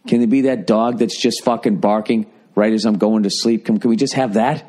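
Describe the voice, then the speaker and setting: A man's voice: on the low side, fairly even intonation, brisk, mellow. A middle-aged man hosting a comedy podcast, ranting with lots of swearing and slipping into mocking voices. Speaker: podcast host.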